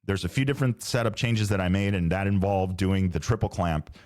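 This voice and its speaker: A man's voice: low-pitched, fairly even intonation, brisk, a little mellow. A middle-aged man from Southern California hosting a casual solo podcast, rambling and correcting himself, with laid-back slang. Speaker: podcast host. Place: home podcast studio.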